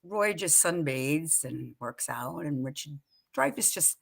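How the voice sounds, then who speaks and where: A woman hosting a casual live chat show, excitable, laughing often and quoting movie lines. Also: sits low, a little slow, creaky, husky. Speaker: show host.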